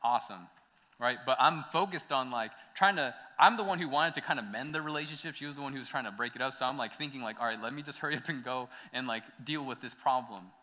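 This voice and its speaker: A man's voice: mid-range voice, fast talker, bright, forceful tone. A young adult man preaching, telling a personal story in a casual, chatty way, with many "like"s and bursts of laughter. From United States. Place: church hall. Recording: long hall reverb.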